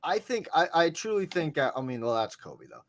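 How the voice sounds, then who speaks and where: Animated man talking basketball. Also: fairly high pitch, a little fast. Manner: animated, acts out quotes, swears. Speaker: podcast co-host. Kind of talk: casual sports talk.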